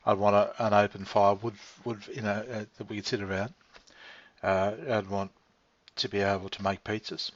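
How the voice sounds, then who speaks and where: A man's voice: on the low side, level tone, normal speed. A man talking in a meandering, laid-back monologue, swearing casually and chuckling as he goes. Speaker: vlogger. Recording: dry, slightly dull lo-fi sound.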